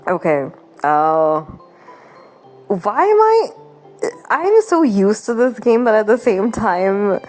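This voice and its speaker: Over game music, a young female gaming channel host gives casual commentary in a mid-range, darkish, sing-song voice, speaking slowly. She rambles as she plays, laughing a lot with mock exasperation.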